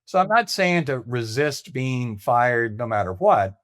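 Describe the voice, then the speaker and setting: A man's voice: mid-range voice, big pitch swings, measured pace, no echo, clean studio sound. Candid older man with a lilt. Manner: candid, anecdotal, with frequent fillers and restarts. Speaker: interview guest, leadership coach. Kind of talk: conversational storytelling.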